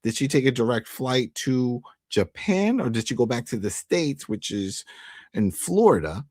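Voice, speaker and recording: A man co-hosting a casual TV recap, his pitch swinging widely as he jokes and acts out the characters' lines. The sound is dry and close to the mic. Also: big pitch swings, normal speed, darkish tone, no echo. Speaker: podcast co-host.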